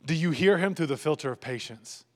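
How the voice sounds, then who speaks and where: A man's voice: fairly high pitch, expressive, brisk, a little mellow. Joking male pastor preaching live. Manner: joking, asks rhetorical questions to the congregation. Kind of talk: live sermon. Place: church sanctuary before a congregation.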